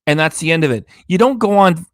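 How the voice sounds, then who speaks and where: A man's voice: fairly high pitch, expressive, fast, dry recording, studio quality. Tired, sarcastic man ranting on a stream. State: tired, low energy. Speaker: reaction channel host. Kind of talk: reaction commentary on a live stream. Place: home studio with green screen.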